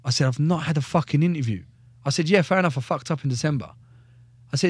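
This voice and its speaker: Swearing heavily and speaking bluntly, a young former soldier relives his story with energy during a casual podcast chat. His slightly high voice is husky and quick, with no room sound around it.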